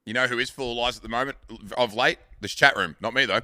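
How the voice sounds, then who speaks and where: A man's voice: medium pitch, fast, bright, forceful tone, no room sound, studio quality. An Australian man in his thirties, chatting casually with stream viewers and rambling through crude stories, swearing freely. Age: 30s. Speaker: live streamer.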